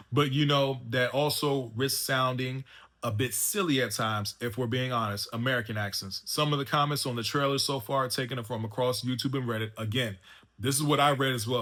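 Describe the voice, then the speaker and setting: A man reviews a film in an easygoing, chatty way, often circling back with fillers and restarts. His voice is bright and forceful and sits at an ordinary middle pitch. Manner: loose and chatty, full of fillers and restarts like "man" and "you know what I'm saying". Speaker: movie reviewer and channel host. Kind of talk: casual spoken review.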